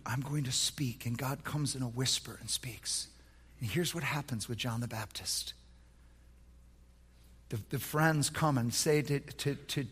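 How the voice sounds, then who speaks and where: Husky, bright-voiced pastor preaching. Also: male voice, medium pitch, in a large hall. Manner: passionate, swinging from hushed to shouting. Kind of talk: sermon.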